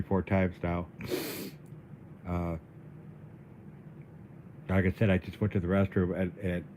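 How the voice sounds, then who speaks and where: Weak dizzy guy on a phone stream, low flat voice, stumbles and repeats himself, dull lo-fi sound. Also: a little hiss or hum. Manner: halting, repeats words, frustrated. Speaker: livestreamer. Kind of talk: casual livestream talk.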